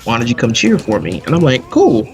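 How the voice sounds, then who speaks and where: A man telling a long story in casual chat during a live game stream, animated and full of slang. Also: medium pitch, quick pace, soft background music. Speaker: stream commentator.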